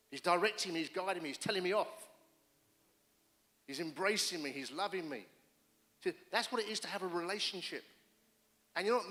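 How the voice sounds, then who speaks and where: Middle-aged male pastor, emphatic storyteller, bright forceful voice. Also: on the high side. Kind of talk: sermon with personal stories.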